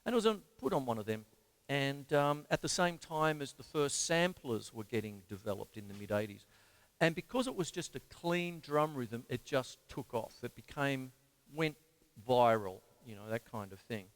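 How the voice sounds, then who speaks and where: A man's voice: mid-range voice, lively intonation, moderate pace. A man from Australia teaching drums on a live stream, chatting casually and counting beats aloud while he plays. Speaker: drum teacher. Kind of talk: live-streamed drum lesson. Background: drum kit playing.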